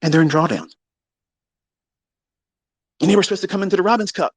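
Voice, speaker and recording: A man's voice: brisk, dry recording. Profane, taunting man with a dry sound. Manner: swings between loud outbursts and low mutters. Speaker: trading educator hosting a live audio room. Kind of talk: heated casual rant.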